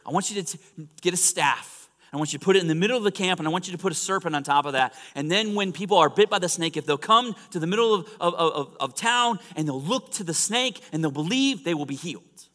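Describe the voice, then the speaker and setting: A preacher voicing God as a wry, casual instructor. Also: male voice, high voice, lively intonation, quick pace, fairly bright tone, pitched above the performer's own voice. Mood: instructing. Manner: casual, matter-of-fact instructions. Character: God, speaking plainly and wryly to grumbling people. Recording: reverberant church sanctuary.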